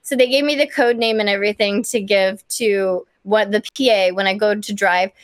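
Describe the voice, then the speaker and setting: A woman's voice: mid-range voice, steady tone, normal speed, dry recording. A young woman from Kansas telling a story as a guest, bubbly and full of "like" fillers. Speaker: guest performer. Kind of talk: casual storytelling.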